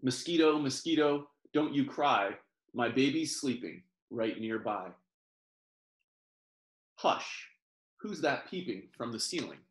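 A man reading a children's picture book aloud in a gentle sing-song, pausing to explain words over a video call. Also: medium pitch, expressive. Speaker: professor reading picture books to families. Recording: roomy echo.

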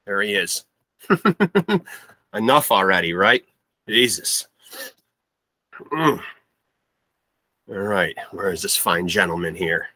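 A man's voice: sits low, expressive, slow, pauses often, pushed and bright, dry recording. A man hosting a podcast as a boastful glam-rock showman, swaggering through his comic patter. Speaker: podcast host. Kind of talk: comic interview in a glam-rocker persona.

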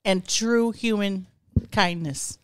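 Woman as a smug undercover male boss, deadpan, mock-stern, mid-pitched, dry close sound. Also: slow pace, clear, resonant tone, dry recording, lightly acted. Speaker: podcast co-host. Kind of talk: improvised comedy sketch.

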